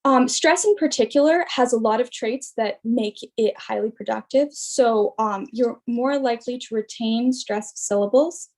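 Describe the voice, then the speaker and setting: Young woman, student presenter, explanatory, fairly high-pitched, computer mic. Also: moderate pace, hardly any pauses, darkish tone. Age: young adult. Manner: explanatory, with frequent fillers and restarts. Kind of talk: academic presentation.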